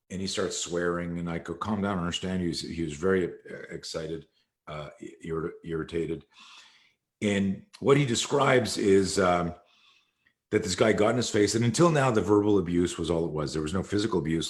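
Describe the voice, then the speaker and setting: A man, a martial arts instructor, telling a long story in an interview and acting out quoted dialogue. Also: deep voice. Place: live video call.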